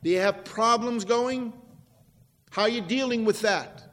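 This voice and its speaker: A man preaching a sermon, slow and deliberate, swinging from loud stresses to near-whispered drops. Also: sits high. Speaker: pastor. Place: church. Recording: long reverb in a large hall.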